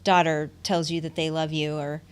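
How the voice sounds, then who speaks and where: A woman's voice: low voice, level tone, moderate pace, smooth. A middle-aged woman hosting a podcast, telling personal stories in an emotional, heartfelt way with frequent laughs and restarts. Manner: emotional storytelling, laughs often, many restarts. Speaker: podcast host. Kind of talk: casual heartfelt conversation.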